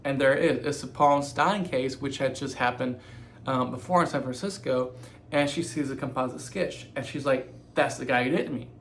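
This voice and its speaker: Male storyteller with an average-pitched voice, relaxed and halting, stopping to correct himself; slight room noise. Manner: halting, many "um" fillers and self-corrections. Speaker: true crime storyteller. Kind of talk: casual spoken retelling.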